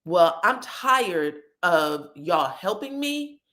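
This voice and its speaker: A woman voicing a defensive grown son, dropping to a lower, grumbling voice while retelling a reality-show dinner fight. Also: big pitch swings, drawn-out words, fairly bright tone, exaggerated voice.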